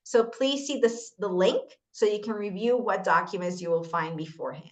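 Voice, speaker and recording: A woman training volunteer tutors, walking through a lesson plan on a shared screen in a casual, explanatory way with quick apologies. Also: medium pitch.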